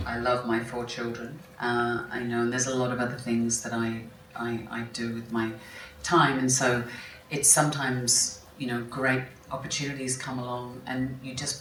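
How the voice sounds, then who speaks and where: A woman's voice: a bass voice, fairly bright tone, slight background noise. A woman, an actress, answering interview questions onstage in a reflective way, often restarting and correcting herself mid-sentence. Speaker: film actress, guest at an onstage conversation. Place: large hall at a festival talk. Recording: roomy, distant mic, faint ambience.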